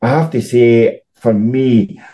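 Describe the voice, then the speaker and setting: A man's voice: mid-range voice, slow, warm tone, rough recording. Scottish man telling football stories. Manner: storytelling, repeats words when starting sentences. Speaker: football journalist, podcast co-host. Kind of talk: casual football chat.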